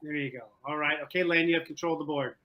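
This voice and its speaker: A man hosting an online trivia game over a video call, animated and joking, often repeating himself. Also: a little high, fast talker, muffled recording. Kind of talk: playful game-show hosting. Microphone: video call from home.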